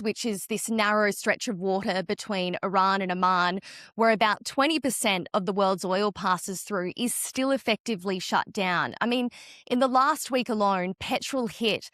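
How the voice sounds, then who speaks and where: Australian woman, news podcast co-host, wry, sarcastic, chatty, mid pitch, dry close mic. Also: fairly bright tone, no echo. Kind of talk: casual news chat.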